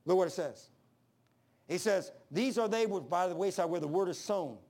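A man preaching a sermon, folksy and storytelling, swinging between loud high bursts and low murmurs. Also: animated, moderate pace. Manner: folksy, says "man" often.

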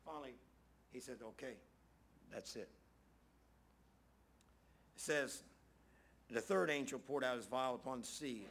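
A man's voice: medium pitch, a bit bright, a little hiss or hum. A man preaching a casual, conversational sermon, folksy, often repeating phrases for emphasis.

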